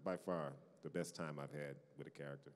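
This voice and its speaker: Very deep-voiced man in an echoey hall. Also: fairly even intonation, a little fast. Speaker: voice actor on a convention panel. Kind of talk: casual panel answers. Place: large convention hall.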